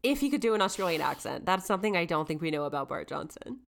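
A woman's voice: lowish voice, sing-song, quick pace, gravelly. Woman podcast co-host, laughs often. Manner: laughs often, reads narration plainly. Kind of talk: casual chat and book narration.

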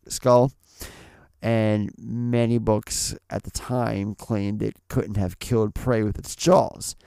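Low, gravelly man hosting a film podcast. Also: warm tone, dry recording. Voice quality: swears freely, laid-back. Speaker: podcast host. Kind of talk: casual film discussion and read trivia.

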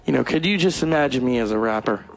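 A young man from California doing crude, profane stand-up storytelling, putting on shrill voices for other people. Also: animated, fast talker, gravelly. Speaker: stand-up comedian. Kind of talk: stand-up monologue.

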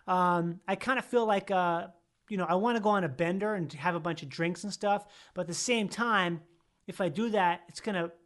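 A man's voice: sits high, fairly bright tone. A man in casual podcast chat, rambling and correcting himself as he thinks aloud. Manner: rambling, self-correcting, laughing.

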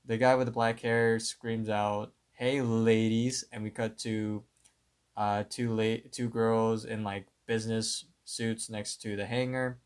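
A man's voice: on the low side, little pitch movement, clean tone. A man co-hosting a podcast, retelling a cartoon episode in a plain, step-by-step way. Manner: unhurried, plain play-by-play retelling. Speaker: podcast co-host. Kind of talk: casual episode recap.

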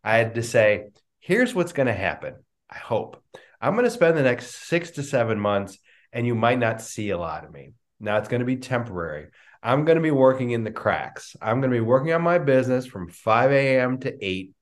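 A middle-aged man, a business coach, answering interview questions with lively storytelling and acted-out dialogue over a video call. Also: mid-range voice, normal speed. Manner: animated storyteller, acts out quoted dialogue. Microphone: remote video call.

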